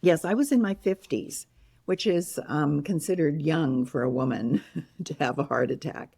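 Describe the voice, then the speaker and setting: An older woman telling her own story as an interview guest, lively and animated, laughing now and then and acting out what people said. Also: sits low, normal speed, vocal fry, breathy edge. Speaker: guest, heart attack survivor and author.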